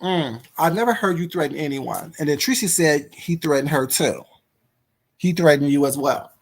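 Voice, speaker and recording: A woman's voice: sits low, expressive, normal speed. A woman hosting a live stream, indignantly firing rhetorical questions at her viewers and a caller. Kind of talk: heated live-stream rant.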